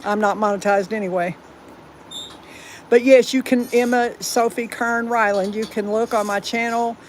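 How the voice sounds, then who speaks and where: A woman's voice: fairly high pitch, steady tone, normal speed, rough recording. Southern woman, livestream host, rambling casual chat, faint background noise. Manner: chatty and rambling, firm about rude viewers.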